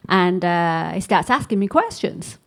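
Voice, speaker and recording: Woman speaking at a workshop, kinda low voice, chatty storyteller, acts out the dialogue. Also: lively intonation, a little slow, creaky. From England. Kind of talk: storytelling talk to a live audience.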